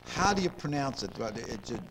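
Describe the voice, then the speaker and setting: A man's voice: medium pitch, big pitch swings, a little fast. An older man hosting a local interview show. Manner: rambling, repeats words, asks leading questions. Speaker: host. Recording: noisy 2002 local cable recording.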